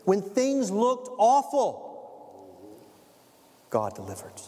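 A man preaching a sermon as a pastor, telling the story in an animated way and acting out the scenes. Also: high voice, drawn-out words, crowd noise. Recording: long hall reverb.

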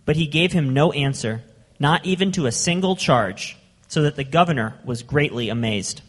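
A man reading scripture aloud in a church service, at a steady, measured pace. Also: a little high, big-room sound. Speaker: scripture reader.

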